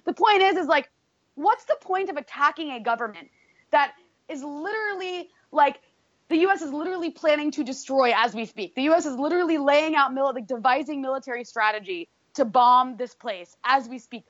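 A woman's voice: high voice, brisk, dry recording, dull audio. A woman co-hosting a political talk show, ranting in an exasperated, profane way, full of fillers and restarts. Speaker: political commentary co-host.

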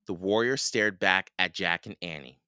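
A man reading a children's storybook aloud in a slow, expressive way. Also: low-pitched, smooth, no room sound, studio quality. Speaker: reader.

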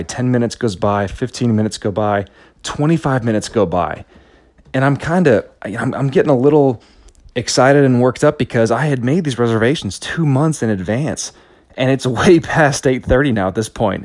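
A man's voice: mid-range voice, normal speed, a little mellow, no echo, studio quality. Earnest man telling a personal story. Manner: earnest, anecdotal, with frequent restarts.

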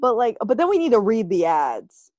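A young woman co-hosting a podcast in casual chat, gushing and animated, saying "oh my God" often. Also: on the high side, normal speed, no room sound, clean studio sound. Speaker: podcast co-host.

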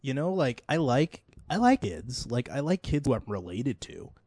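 A man's voice: medium pitch, sing-song, moderate pace, a little mellow, no echo. Chatty man, dry close sound. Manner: rambling, heavy on "like" fillers. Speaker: podcast co-host. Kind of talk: casual movie chat.

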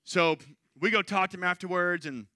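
Middle-aged male pastor, brightish higher voice, dry close sound, chatty sermon storytelling. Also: normal speed, no echo. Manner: conversational storytelling with frequent "right?" asides.

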